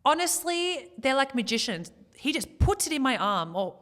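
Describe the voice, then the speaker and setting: A young woman co-hosting a podcast opens up about something painful, her high, sing-song, slightly bright voice wavering near tears at times. Still, she laughs readily.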